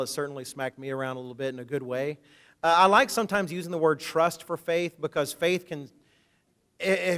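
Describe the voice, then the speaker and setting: A man preaching a sermon, reading scripture aloud and commenting in a conversational, joking way. He swings between loud emphatic quotations and low, hushed asides. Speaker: minister.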